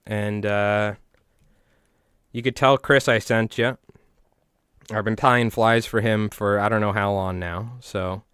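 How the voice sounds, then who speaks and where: A man, chatting in a rambling, animated way to his viewers while tying flies on a live stream. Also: fairly low pitch, slow pace, pauses often, smooth, no echo, studio quality. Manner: rambling, animated, talks to chat.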